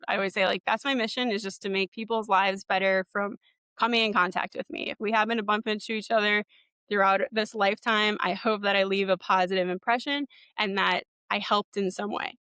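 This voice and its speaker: A woman's voice: mid-range voice, steady tone, a little fast, pushed and bright, clean tone, no echo. A young adult woman hosting a webinar, teaching in a casual, encouraging way with many fillers. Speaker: podcast host and marketing coach.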